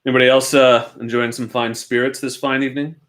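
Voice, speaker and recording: He's a young adult man from Oregon, United States, hosting a motorcycle channel from his home garage and responding to viewers. He talks fast at a medium pitch with flat delivery and a fairly bright tone, keeping it casual and self-mocking.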